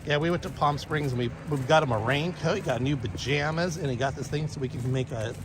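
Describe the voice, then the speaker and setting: A man's voice: fairly high pitch, a little fast. A middle-aged man live-streaming a dog walk outdoors, telling rambling, profane stories from his youth with lots of ums. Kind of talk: casual storytelling chat. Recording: outdoor stream with clear street noise.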